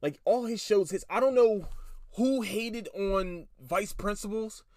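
A man's voice: sits high, unhurried, darkish tone, no room sound, studio quality. Chatty profane man. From Philadelphia, USA. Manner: rambling, profane, self-interrupting. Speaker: podcast host. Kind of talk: casual TV review chat.

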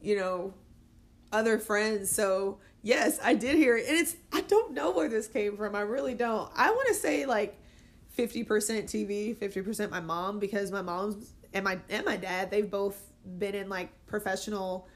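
A young adult woman chatting casually as a podcast guest, talkative and quick to laugh. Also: mid-range voice. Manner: chatty, laughs easily, many fillers. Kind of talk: casual chat.

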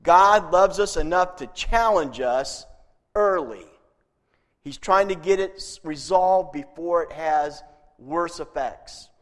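A man's voice: on the high side, slow. A male pastor preaching a sermon in a chatty way, chuckling at his own jokes. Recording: long reverb from a hall.

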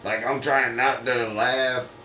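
A man co-hosting a podcast, telling a story in an animated, profane way and laughing as he goes. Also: medium pitch, slow pace. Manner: animated, profane, laughs through his stories. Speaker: podcast co-host. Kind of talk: casual storytelling chat. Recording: roomy, distant mic with faint noise.

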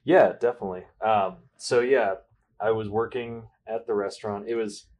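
A young man with a notably deep, low voice talks as a guest on a casual podcast. He rambles easily through his story with plenty of fillers and slips in dry, sarcastic asides. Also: steady tone, moderate pace, a little mellow. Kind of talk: casual interview chat.

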